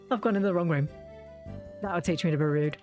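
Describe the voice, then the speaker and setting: A woman's voice: lowish voice, darkish tone. A woman giving casual, playful commentary while she plays a video game. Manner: chatty and playful. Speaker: game streamer.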